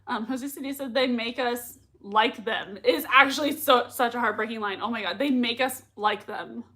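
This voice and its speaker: A woman's voice: a little high, moderate pace, bright, forceful tone. A young woman hosting a live reaction stream, gushing and repeating herself as she reacts and reads chat messages. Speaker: livestream reaction host.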